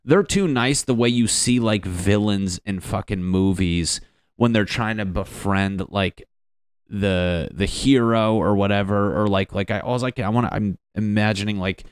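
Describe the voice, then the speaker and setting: A man's voice: lowish voice, measured pace, smooth, no echo, studio quality. Rambling, profane male comedian. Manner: rambling, profane storytelling with acted-out quotes. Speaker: stand-up comedian. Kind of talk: stand-up comedy bit.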